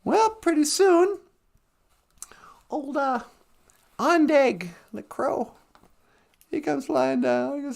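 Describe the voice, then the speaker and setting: A woman's voice: high voice, slow, creaky, pauses often, darkish tone. A woman telling a traditional animal tale in a chatty, humorous, conversational way. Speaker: storyteller. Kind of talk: casual storytelling.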